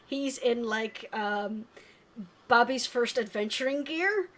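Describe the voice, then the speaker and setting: A woman's voice: a little high, lively intonation, takes it slowly, a bit bright, slight background noise. A woman narrating as game master of a tabletop game, giggling often and leaning on fillers. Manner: giggly, filler-heavy, hesitant.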